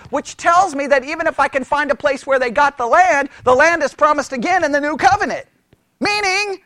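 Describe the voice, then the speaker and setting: Animated, high-voiced Bible teacher. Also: no echo, studio quality. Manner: animated, exasperated, mocks opponents in raised voices. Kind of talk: conversational sermon.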